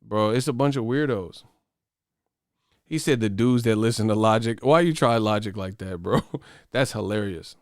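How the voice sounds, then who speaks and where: Smooth-voiced man ranting casually. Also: fairly low pitch, normal speed, dry recording, clean studio sound. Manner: profane, animated ranting. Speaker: boxing channel host. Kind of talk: casual livestream chat.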